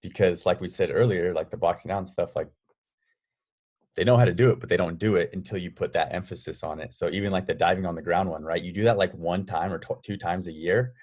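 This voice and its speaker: A man's voice: low voice, fast, a little mellow. A man co-hosting a casual podcast, explaining basketball drills step by step. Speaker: basketball coach, podcast co-host.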